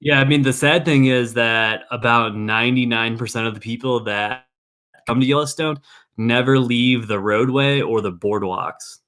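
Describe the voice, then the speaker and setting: A man's voice: mid-range voice, normal speed, fairly bright tone. A young man working in a national park, chatting casually and rambling with lots of fillers. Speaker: park worker telling stories. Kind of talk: casual podcast chat.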